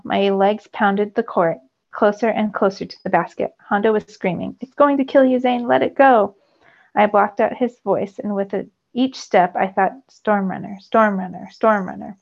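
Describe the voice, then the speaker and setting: A woman teacher reading a novel aloud to her students, telling it with lively storytelling that rises with the action. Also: mid-range voice, gravelly. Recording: dull lo-fi recording.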